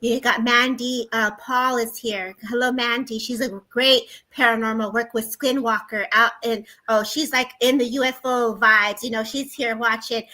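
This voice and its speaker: A woman's voice: fairly high pitch, fairly even intonation, pushed and bright, poor audio. A woman hosting a livestream, reading out viewers' comments in an eager, emotional way. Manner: eager and emotional, quick to exclaim. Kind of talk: casual live chat.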